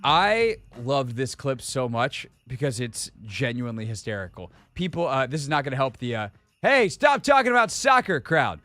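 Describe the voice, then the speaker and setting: A man hosting a sports radio show, talking casually in an animated, jokey way. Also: medium pitch, moderate pace, hardly any pauses, soft background music.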